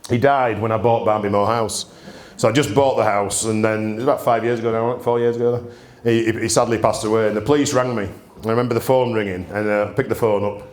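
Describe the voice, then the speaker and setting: A fast-talking man with a lowish, steady voice hosts a gin tasting built around comic anecdotes. He keeps it chatty and laughs often, and the recording carries a roomy echo.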